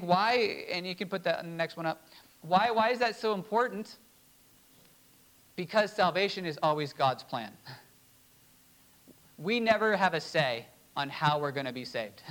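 A pastor preaching a sermon, reading scripture slowly and emphatically, with short laughs between points. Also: male voice, fairly high pitch, a bit bright, low-quality recording.

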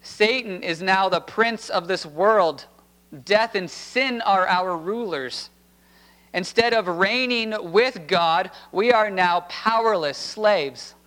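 Male pastor, higher voice, unhurried deliberate preaching delivery. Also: fairly bright tone, low-quality recording. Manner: slow, deliberate preaching cadence. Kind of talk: sermon with scripture reading.

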